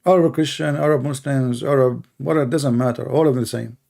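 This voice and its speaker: A man's voice: mid-range voice, steady tone, fairly quick, vocal fry, dark tone. A man, talking in a casual, emphatic monologue and telling stories with lots of repetition. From Middle East. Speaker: online commentator.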